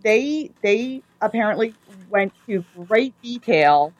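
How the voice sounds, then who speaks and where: Woman co-host, enthusiastic storyteller, higher voice, muffled lo-fi sound. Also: slow, no echo. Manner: enthusiastic, animated retelling of scenes. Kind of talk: casual chat.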